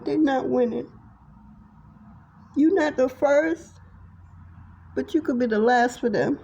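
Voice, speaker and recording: Woman, tarot reader, high-pitched, middle-aged, blunt, profane, impassioned. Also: takes it slowly, vocal fry, warm tone, muffled recording. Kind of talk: tarot reading monologue to viewers.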